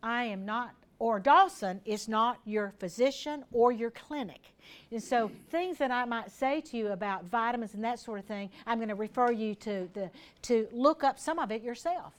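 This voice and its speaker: A woman's voice: fairly high pitch, normal speed. A woman giving an informal health talk to a small group in a room, chatty and practical, speaking straight to her listeners.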